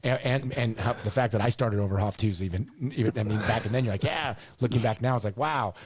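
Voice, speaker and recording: Middle-aged male podcast co-host, low voice, casual storyteller with a loose mouth. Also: quick pace, breathy edge, no echo. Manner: animated, repeats words, swears casually.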